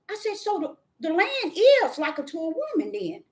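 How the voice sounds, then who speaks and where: Fiery high-voiced woman preaching, scolding. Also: big pitch swings, normal speed, few pauses. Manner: scolding, swings from low mutters to shouted outbursts. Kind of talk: fiery street sermon.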